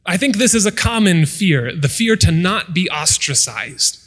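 A man's voice: sits high, big pitch swings, measured pace, a bit bright, slightly rough, in a large hall. A man preaching a sermon, retelling scripture stories and acting out the people in them. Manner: storytelling, acts out voices of the people in the story. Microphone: microphone.

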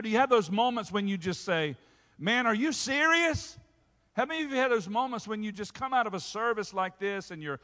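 A man preaching a sermon as pastor, peppering it with call-and-response asides and rising to loud shouts. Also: high-pitched. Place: church sanctuary. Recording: hall reverb.

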